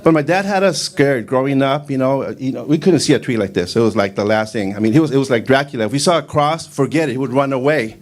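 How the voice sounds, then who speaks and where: A man in his fifties doing a stand-up comedy set on a club stage, rambling in a deadpan way with lots of fillers. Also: medium pitch, fast talker, hardly any pauses. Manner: rambling, deadpan delivery with frequent fillers, breaks into shouted Spanish quotes.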